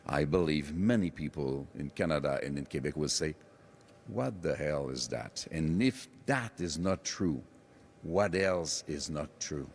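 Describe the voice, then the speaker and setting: Man, very low pitch, slow pace, scornful, reverberant room. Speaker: politician. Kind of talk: speech to the press.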